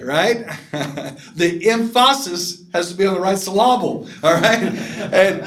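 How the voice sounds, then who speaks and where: A man's voice: sits high, lively intonation, measured pace, a bit bright. A man teaching at a conference like a pastor, emphatic and often asking the audience for agreement. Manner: emphatic, asks the crowd for assent. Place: conference hall. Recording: echoey hall.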